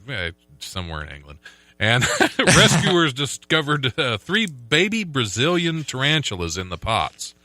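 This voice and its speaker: A man's voice: mid-range voice, bright, forceful tone, dry recording. A man hosting a casual podcast, reading odd news stories aloud, laughing often and tripping over names. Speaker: podcast host.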